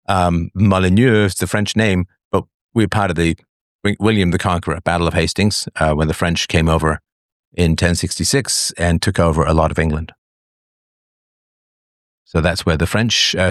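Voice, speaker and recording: Male call-in show host, very deep voice, dry close sound, chatty and musing. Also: dry recording. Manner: musing, chatty, many fillers and asides. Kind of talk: live call-in talk show.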